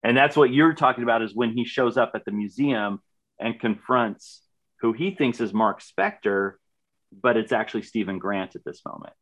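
A man's voice: mid-range voice, expressive, moderate pace, fairly bright tone. A man co-hosting a podcast, chatting with enthusiasm about a TV series and often repeating words as he starts a thought. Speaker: podcast co-host. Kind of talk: casual chat reviewing a TV series.

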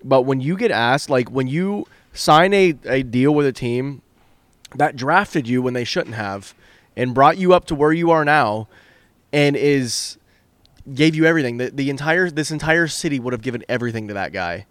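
A drunk man co-hosting a podcast, chatting easily in a relaxed, joking way. His voice is mid-pitched and sits dry and close to the mic. He tells his stories loosely and with a grin. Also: normal speed, no room sound. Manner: laid-back, chatty, laughs along. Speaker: podcast co-host. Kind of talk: casual chat.

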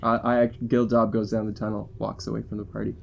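A man's voice: fairly low pitch, completely flat delivery, fast, creaky, lo-fi sound. Playful chatty male player. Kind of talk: casual tabletop play.

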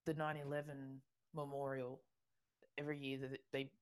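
Aussie woman cohosting a podcast, pretty low voice, chatty, laughs a lot. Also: level tone, normal speed. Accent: Australian. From Australia. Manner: chatty storyteller, laughs often, restarts. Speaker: podcast co-host. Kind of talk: casual chat.

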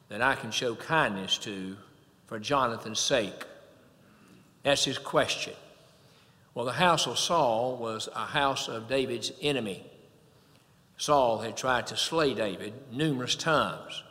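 A man preaching a sermon in a measured, deliberate way, slowing down to quote scripture. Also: medium pitch, pushed and bright. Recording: long hall reverb.

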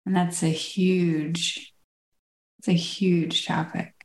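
A woman from the United States co-hosting a podcast in casual chat, thoughtful and quick to laugh. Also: on the low side, flat delivery, a little mellow. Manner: laughs easily, thoughtful and reflective. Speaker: podcast co-host. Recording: roomy echo.

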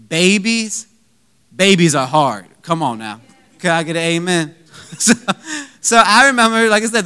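Young male pastor, high clear voice, bright and animated storytelling sermon. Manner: animated, humorous, acts out own quoted lines.

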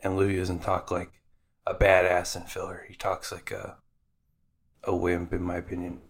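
A man's voice: low-pitched, monotone, moderate pace, gravelly. A man hosting a podcast, casually recapping anime episodes with irreverent, profane asides. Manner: irreverent, swears freely, mock voices for characters.

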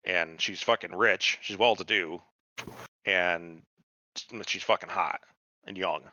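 A man's voice: sits low, fairly even intonation, slow, bright, forceful tone, dry recording, lo-fi sound. A man co-hosting a podcast, casually retelling a TV show with heavy swearing and quoted voices. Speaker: podcast co-host. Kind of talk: casual chat recapping a TV show.

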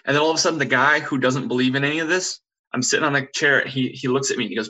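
A young man with a bright, forward voice tells a spooky story in relaxed chat. He wanders through it with lots of fillers and restarts. He slips into the voices of the people he quotes. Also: medium pitch, quick pace, poor audio. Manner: rambling, frequent fillers and restarts, acts out quotes. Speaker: podcast guest telling ghost stories. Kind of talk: casual storytelling conversation.

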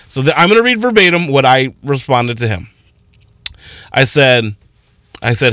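A man's voice: medium pitch, measured pace, long pauses, pushed and bright, dry recording, studio quality. A man co-hosting a radio show in casual chat, talking in an impassioned, rambling way full of restarts. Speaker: radio co-host.

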